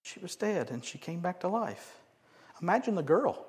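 A man preaching a sermon with a slightly high voice that climbs and falls a great deal. He acts out the loud lines and then drops to quiet asides. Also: normal speed. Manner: animated, swings from loud acted-out quotes to quiet asides. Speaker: pastor.

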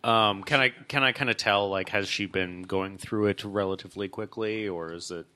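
A man's voice: on the low side, normal speed, sharp tone. A man playing in a tabletop game, playful and joking with the group. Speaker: player.

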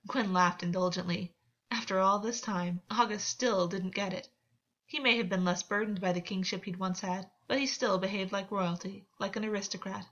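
A woman narrating a novel as an audiobook in a steady, measured reading voice. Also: mid-range voice, muffled recording. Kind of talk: scripted fiction narration.

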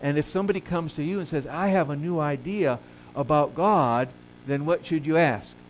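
Preaching at a moderate pace, a male pastor poses questions to the congregation and answers them himself, swinging from soft, low asides to loud, emphatic rises. The audio is poor, with a bit of hiss or hum.

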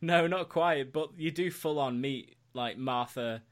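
A man's voice: fairly high pitch, measured pace. A man co-hosting a podcast in casual chat, laid-back, laughing often and swearing casually. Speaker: podcast co-host.

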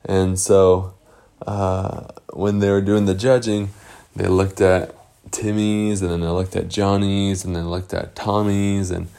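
A man's voice: low-pitched, little pitch movement, unhurried, vocal fry, warm tone, clean tone. A man improvising a bedtime story, rambling with many fillers and restarts.

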